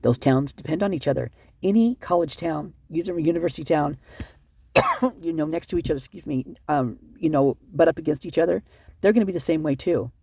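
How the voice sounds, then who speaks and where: A vlogger reading out police reports and rambling in commentary, upset and short on sleep, talking fast and cutting themself off. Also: mid-range voice, lively intonation, darkish tone, husky. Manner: fast, rambling, self-interrupting.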